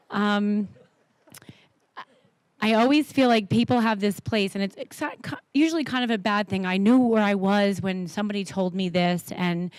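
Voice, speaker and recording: A woman's voice: mid-range voice, a little mellow, smooth, no echo. A woman in her thirties giving a heartfelt, rambling wedding toast.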